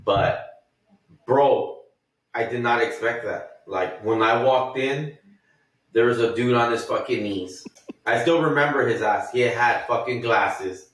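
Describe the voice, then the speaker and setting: A podcast co-host with a mid-range, fairly bright voice tells a rambling, profane story at an unhurried pace, acting out what other people said. He's far off mic in a very echoey room during this casual storytelling chat.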